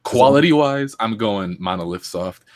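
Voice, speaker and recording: A man's voice: fairly low pitch, lively intonation, moderate pace. A man hosting a casual gaming podcast, talking enthusiastically with lots of fillers. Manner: enthusiastic, many fillers and restarts. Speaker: podcast host.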